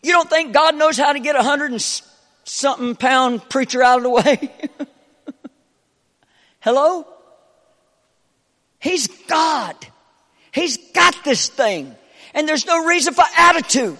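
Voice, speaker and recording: High-voiced man preaching with ringing reverb. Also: lively intonation, takes it slowly, pauses often, a faint crowd. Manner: repeats short call-outs to the congregation between phrases; swings between soft talk and fervent preaching. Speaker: pastor. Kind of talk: Pentecostal sermon. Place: church sanctuary.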